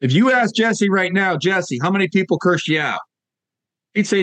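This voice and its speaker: Speaking in a high, animated, slightly bright voice at normal speed, he coaches real estate agents with casual motivational stories full of fillers and repeated phrases. He's from Northern Virginia, USA, and the audio has no echo.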